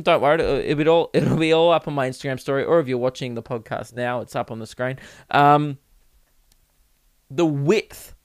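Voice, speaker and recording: A young man rambles through a comic rant, swearing freely and mocking himself. His voice sits fairly high and sounds smooth and crisp. The recording is dry and close. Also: no room sound. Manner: rambling, profane, self-mocking. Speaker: podcast host. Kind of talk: casual comedic monologue.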